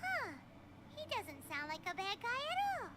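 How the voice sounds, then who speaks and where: A tiny chirpy game companion girl, squeaky-high and bouncy, over loud noise in the game mix. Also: wildly swooping pitch, normal speed, full character voice. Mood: curious. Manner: talks about herself in third person, inquisitive.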